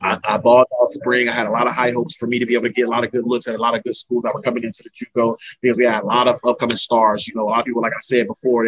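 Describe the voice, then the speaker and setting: In a dull, lo-fi recording, a young Florida man who fights MMA rambles through his story during a relaxed interview, frequently starting sentences over. He has a mid-range, slightly bright voice.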